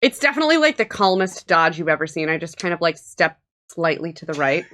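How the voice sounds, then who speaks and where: A woman's voice: on the low side, very animated, fast, fairly bright tone. A woman playing a tabletop game, casual and playful, laughing easily. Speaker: player.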